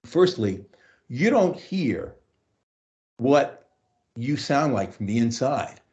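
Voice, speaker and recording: A man who teaches voice, talking through lessons and telling anecdotes in a relaxed interview. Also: mid-range voice, slow, dull audio. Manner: storytelling, acts out quotes, restarts often.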